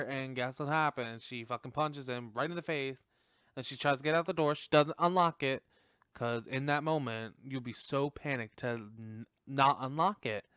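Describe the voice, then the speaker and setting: A man's voice: medium pitch, fairly bright tone, clean tone, no echo, clean studio sound. A young man hosting a podcast, recapping a film in casual chat, laughing often, swearing and acting out the characters' lines. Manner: slow, drawn-out delivery with lots of "like". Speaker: podcast host.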